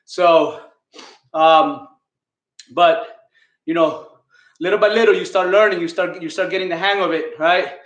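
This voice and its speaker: A man's voice: sits high, steady tone, unhurried, long pauses, fairly bright tone, reverberant, lo-fi sound. Breathless male fitness coach counting reps. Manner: counts reps aloud, coaching cues, chatty. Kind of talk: live online workout class.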